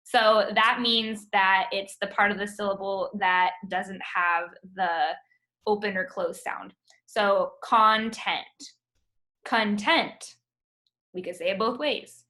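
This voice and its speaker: A woman with a bright, forward voice teaches a phonics lesson over a video call. She talks at an unhurried pace and stretches each word out patiently so her students can follow along. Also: medium pitch, fairly even intonation. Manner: patient, drawn-out sounding of words.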